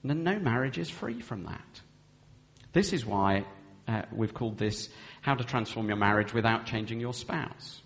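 A man's voice: medium pitch, expressive, normal speed, vocal fry, a bit bright. A man preaching a sermon with earnest delivery, acting out spoken vows as he goes. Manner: earnest, acts out vows in quoted speech. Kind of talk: sermon on marriage. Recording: long hall reverb.

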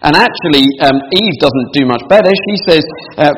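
A man's voice: fairly high pitch, lively intonation, moderate pace, fairly bright tone, in a large hall, a little hiss or hum, rough recording. A man preaching a sermon to a congregation, asking them questions and reading scripture aloud.

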